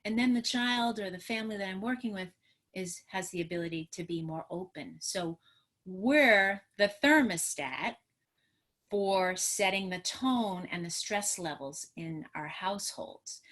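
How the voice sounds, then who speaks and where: Brief: middle-aged woman from New York, trauma therapist explaining parenting tools on a video call, earnest and warm-paced. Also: mid-range voice, expressive, a little slow. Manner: earnest, teaching, talks with her hands. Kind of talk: educational webinar talk.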